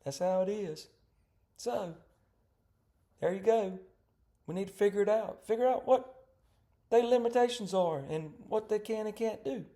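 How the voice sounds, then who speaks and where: A man's voice: high-pitched, a little slow, pauses often, warm tone. A man giving an informal EMS training talk, folksy and conversational, full of rhetorical questions. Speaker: EMS instructor.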